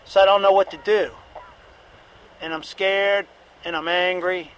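High-voiced middle-aged man, candid testimony. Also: fairly even intonation, unhurried, clean tone, rough recording. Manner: candid, repetitive, occasionally profane. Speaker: recovery meeting speaker. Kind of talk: personal testimony.

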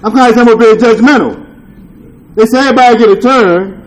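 A man's voice: very high-pitched, fast, rough recording. A man sharing his story at a recovery meeting, talking in loose street slang with swearing and a frequent "you dig?", earnest and confessional. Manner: earnest and confessional, with rueful laughs. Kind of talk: candid testimony share.

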